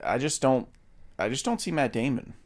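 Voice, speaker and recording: A man's voice: medium pitch, big pitch swings, moderate pace, vocal fry. A man co-hosting a podcast, chatting casually and with strong opinions, swearing now and then and using lots of fillers. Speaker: podcast co-host. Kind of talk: casual film chat.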